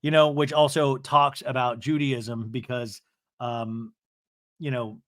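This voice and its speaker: A man's voice: mid-range voice, flat delivery, slow pace, fairly bright tone, no room sound, studio quality. A man hosting a casual TV recap podcast, rambling and thinking aloud with many restarts. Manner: rambling, lots of you-knows and restarts. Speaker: podcast host.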